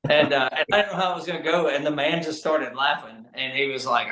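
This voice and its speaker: Animated man telling hunting stories. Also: a little high. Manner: animated, talks fast in bursts, laughs mid-story. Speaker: podcast guest, bowhunter. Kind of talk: casual storytelling chat. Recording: roomy echo.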